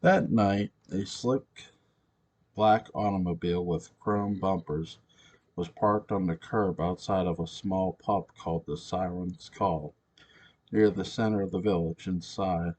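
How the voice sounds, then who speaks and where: A man narrating a story, reading in a slow, deliberate way. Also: low voice, a little mellow.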